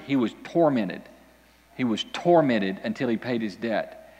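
A man preaching a sermon to a congregation, telling a scripture story with animated, dramatic delivery and big swings in pitch. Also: unhurried, long reverb tail. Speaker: pastor. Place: church hall with an audience.

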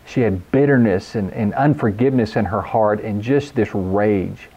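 Here a pastor delivers a sermon in a warm, medium-pitched voice, speaking a little slowly yet with hardly any pauses. His preaching is earnest, drawing on scripture and repeating phrases for emphasis. The recording sounds dull.

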